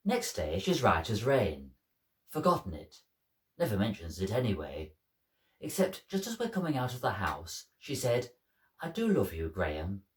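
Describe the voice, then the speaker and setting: A man's voice: on the low side, huge pitch swings, normal speed. A middle-aged man narrating a dramatic monologue at home in a dry, understated manner. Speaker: monologue performer.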